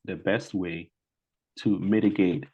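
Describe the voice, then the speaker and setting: A man's voice: deep voice, steady tone, slow, dark tone, breathy edge, low-quality recording. A man from Ghana with a Ghanaian accent giving an online presentation, speaking hesitantly with many fillers and restarts. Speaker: guest speaker.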